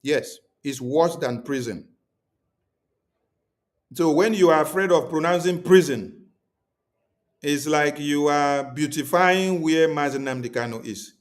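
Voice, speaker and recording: A man's voice: fairly high pitch, a little slow, pauses often. A man hosting a livestream, speaking emphatically and repeating his points to viewers. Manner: emphatic, repetitive, preaching tone. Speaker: livestream host.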